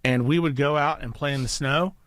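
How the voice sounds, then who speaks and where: A man's voice: a little high, fairly quick. A man, a show host chatting and telling stories in a rambling, chuckling way. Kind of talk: casual chat.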